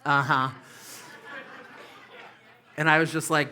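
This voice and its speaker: A man's voice: medium pitch, moderate pace, sharp tone. Rambling man in his fifties doing stand-up. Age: 50s. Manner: loose rambling delivery with frequent fillers and swearing. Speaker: stand-up comedian. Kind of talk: stand-up comedy set. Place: comedy club stage.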